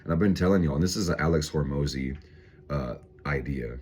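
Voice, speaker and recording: A man's voice: extremely low pitch, a little fast, a little mellow, husky. A man casually reading tarot cards on his vlog, swearing freely and laughing often. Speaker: tarot reader vlogger.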